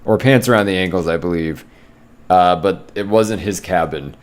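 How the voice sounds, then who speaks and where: A man's voice: deep voice, moderate pace. A man co-hosting a casual sports podcast, talking in a rambling, self-correcting way with plenty of filler ums. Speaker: podcast co-host.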